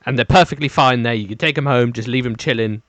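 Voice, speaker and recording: A man's voice: medium pitch, fast talker, fairly bright tone, dry recording. Hesitant man, dry sound. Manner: hesitant, full of ums and restarts. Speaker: podcast co-host. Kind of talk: casual chat, reading a news story.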